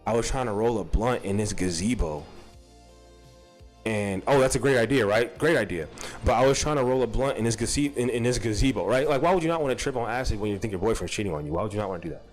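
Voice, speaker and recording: A man's voice: on the low side, expressive, fast talker, soft background music. Rambling, profane young man telling stories. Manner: profane, rambling, repeats himself. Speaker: streamer telling a story. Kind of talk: casual storytelling.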